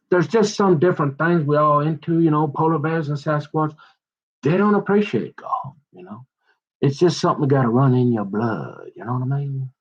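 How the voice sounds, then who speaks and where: A man spins a meandering, joking story full of restarts, "you know"s and folksy slang. His voice sits a little high for a man. The recording is dull and lo-fi. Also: fairly bright tone, slightly rough. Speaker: vlogger. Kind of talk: rambling comedic monologue.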